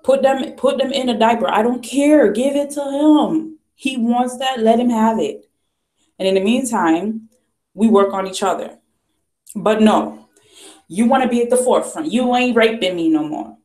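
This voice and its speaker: A woman's voice: on the high side, moderate pace, darkish tone. A woman vlogger giving ranting commentary, emphatic and repetitive, firing off rhetorical questions. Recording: echoey room.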